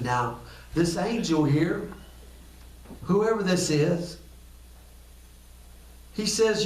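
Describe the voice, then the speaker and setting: A man's voice: sits high, expressive, very slow, pauses often, a little mellow, a little hiss or hum. A pastor preaching a sermon with passion who acts out the scripture scenes as he goes. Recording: echoey room, distant mic.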